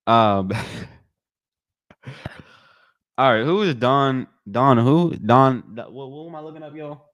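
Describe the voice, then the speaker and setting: A young man commentating a live watch party, joking with his chat in a slangy, excitable way. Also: takes it slowly, dry recording, studio quality. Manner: excitable, joking, slangy, bursts into high-pitched reactions.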